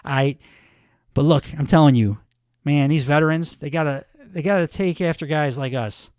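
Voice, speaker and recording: A man's voice: on the high side, normal speed, a little mellow, no room sound, clean studio sound, close to an everyday voice. A man voicing a swaggering young male wrestler bragging about being the hottest new star.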